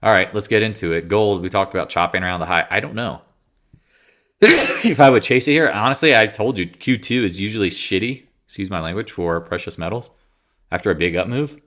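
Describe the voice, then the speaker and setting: A man's voice: fairly low pitch, lively intonation, brisk, fairly bright tone. A congested man giving casual, rambling market commentary, bluntly and offhandedly, often interrupting himself. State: congested, clearing throat.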